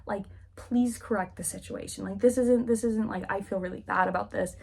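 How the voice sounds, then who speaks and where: Woman reading as a naive young heroine, flustered and earnest, a little husky, casual book-recap feel. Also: medium pitch, steady tone, moderate pace, darkish tone. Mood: distressed. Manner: earnest, flustered, repeating herself.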